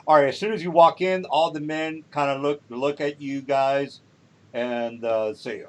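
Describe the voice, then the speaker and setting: A man running a tabletop role-playing game for his players, talking casually with many pauses and fillers. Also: on the high side, fairly even intonation, a bit bright. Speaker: game master.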